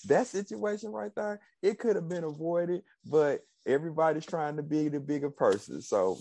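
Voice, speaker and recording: A man's voice: fairly high pitch, moderate pace, creaky, dark tone. A man co-hosting a casual chat, giving frank, opinionated commentary and often repeating himself. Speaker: podcast co-host.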